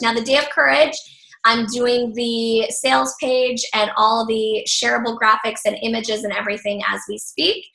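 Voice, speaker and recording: A woman's voice: fairly high pitch, gravelly, sharp tone. A woman leading an online training call for her group, upbeat and encouraging with loose fillers, her voice a little worn. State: slightly losing her voice. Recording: echoey room.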